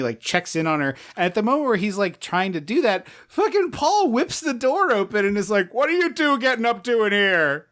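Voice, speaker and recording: A woman co-hosting a movie review podcast, chatting casually with animated, laughing asides and some swearing. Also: mid-range voice. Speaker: podcast co-host.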